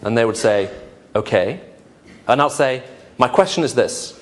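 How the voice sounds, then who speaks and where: A man lecturing on apologetics delivers a lively, humorous talk to a live audience, posing rhetorical questions. His mid-range voice is animated at a normal speed, with slight background noise.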